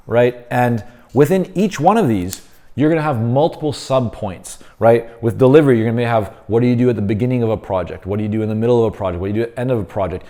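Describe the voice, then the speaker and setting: A man with a dark, mellow voice walks consultants through a planning exercise. He talks loosely and casually, with plenty of "uh" and "you know" and frequent restarts. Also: mid-range voice. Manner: conversational, many fillers and restarts; explains while drawing on a board. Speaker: business consultant teaching. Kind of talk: instructional talk to camera.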